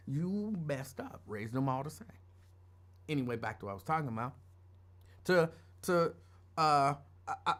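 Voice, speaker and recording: Middle-aged man, show host, casual storytelling, digressive, slightly higher voice. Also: a bit bright. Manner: rambling, digressive, conversational.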